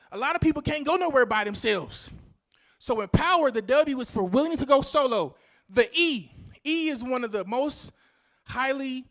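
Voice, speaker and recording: A man's voice: very high voice, a bit bright. A man giving a rousing motivational speech at a conference, calling out questions to the audience and repeating key phrases. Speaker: conference speaker. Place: conference venue before a live audience.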